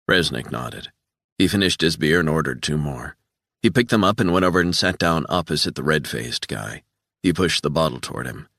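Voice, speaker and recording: A man reading an audiobook in measured, scripted narration. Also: rumbling low, lively intonation, pushed and bright, no room sound, clean studio sound.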